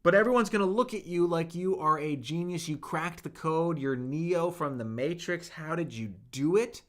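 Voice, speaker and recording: A man's voice: a little high, moderate pace, a bit bright. A young man teaching Mandarin on a livestream, reading chat comments and coaching with enthusiastic, hyped-up energy.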